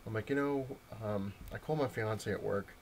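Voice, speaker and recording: This man's fairly low voice is gravelly and darkish in tone, and he talks fairly quickly. Indoors at home, he casually shows the comics he bought and rambles about the shop visit, using many fillers and restarts, with a little hiss or hum in the audio.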